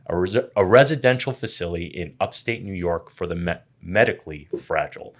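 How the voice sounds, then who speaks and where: A man's voice: lowish voice, expressive, normal speed, fairly bright tone. A man hosting a podcast, giving an upbeat, emphatic introduction to his guest. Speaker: podcast host.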